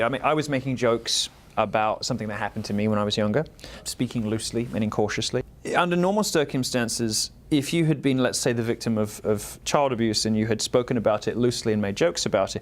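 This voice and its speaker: Articulate man interviewing. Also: medium pitch. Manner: articulate, measured, lightly wry. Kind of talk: studio interview conversation. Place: broadcast studio.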